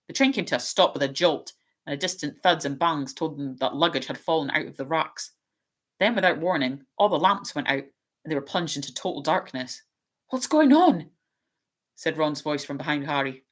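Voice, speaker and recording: Woman, low voice, storybook reading, steady narration, small slips. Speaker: channel host reading aloud. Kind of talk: storybook read-aloud.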